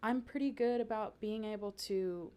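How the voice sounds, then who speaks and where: A woman's voice: mid-range voice, normal speed, warm tone, clean tone. A woman in her thirties co-hosting a podcast, talking casually with lots of "like" and laughing often while reassuring her friend. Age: 30s. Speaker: podcast co-host, color guard director. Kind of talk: casual chat.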